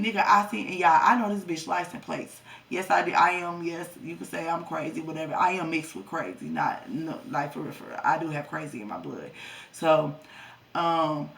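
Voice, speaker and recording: Young woman vlogger with a gravelly, creaky voice, blunt and profane, speaking a bit off-mic. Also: on the low side, far from the mic. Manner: profane, blunt storytelling, talks to viewers as y'all. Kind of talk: storytime vlog.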